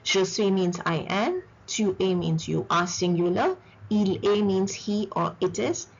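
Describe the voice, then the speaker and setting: A woman teaching a French lesson, patient and repeating each word slowly for practice. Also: mid-range voice, husky. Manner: patient, repeats words for drill. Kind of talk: slow recorded lesson. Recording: dull lo-fi recording.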